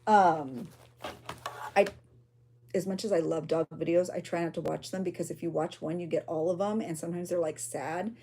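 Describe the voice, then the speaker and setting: A woman's voice: fairly low pitch, fairly even intonation, normal speed, mellow, breathy edge. A woman chatting casually on a livestream while she crafts, reading viewer comments aloud and reacting with gasps and exclamations. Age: adult with a child. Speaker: junk journal creator hosting a livestream.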